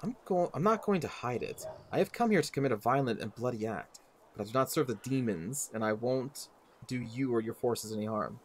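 A man's voice: mid-range voice, expressive, fairly quick, a little hiss or hum, natural voice. A man reading a bitter, defiant elf woman. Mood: guarded. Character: guarded female elf wanderer, bitter and defiant.

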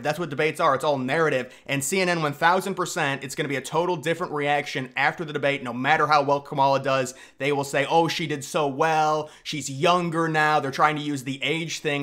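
Young male commentator, higher-pitched and sharp-toned, sarcastic and emphatic, with lots of restarts. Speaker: political commentator. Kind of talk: opinionated political commentary.

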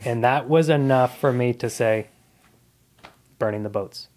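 A man's voice: medium pitch, unhurried, a little mellow. A man in his thirties, a comedian guest on a podcast, telling his life story in a casual, earnest and reflective way.

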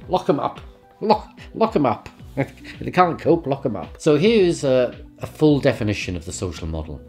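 Deep-voiced male lecturer, conversational. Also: a little mellow. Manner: conversational, with asides and short laughs. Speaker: university lecturer. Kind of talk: recorded lecture.

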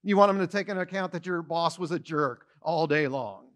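Higher-voiced man preaching conversationally. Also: a little fast, a bit bright. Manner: repeats words when starting phrases; dramatizes everyday quotes with shifting tone. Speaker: pastor. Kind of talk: conversational sermon.

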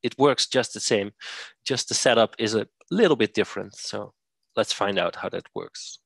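A man presenting a software demo, walking through steps methodically with occasional fillers. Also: lowish voice, normal speed, vocal fry, husky, no echo. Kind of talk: screen-share software demo.

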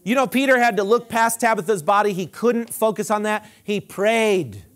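A man preaching a sermon as pastor, emphatic and repetitive, dropping low and quiet when he quotes scripture. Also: moderate pace. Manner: emphatic preaching with repeated phrases.

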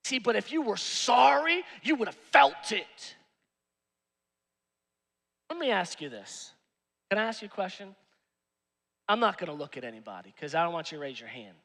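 A male pastor preaches with a high, bright voice that swings widely in pitch. He is animated and joking, slipping into streetwise slang. The sound carries a long reverb from the church hall. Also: moderate pace, vocal fry, pauses often. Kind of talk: sermon.

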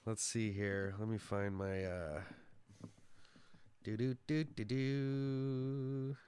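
A man's voice: lowish voice, level tone, extremely slow, a little mellow, smooth, dry recording. Rambling podcast guy, dry close mic. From Oregon. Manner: rambling, swears freely, lots of fillers and restarts. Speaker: podcast co-host. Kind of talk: casual podcast chat. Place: hot small room.

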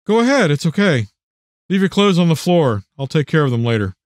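A tender, reassuring father speaking softly to his scared little girl, as a man reading his own book puts him on. His voice sits slightly raised and moves with a lively lilt. The sound is close and completely dry. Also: a little high, fairly quick, no room sound. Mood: soothing. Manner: soft, reassuring. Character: gentle father soothing his young daughter.

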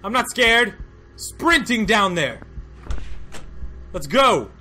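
A man doing a let's play commentary on a horror game, jumpy, loud and joking as he shouts at what happens on screen. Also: high-pitched, very animated, slow, faint music behind. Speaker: gaming video host.

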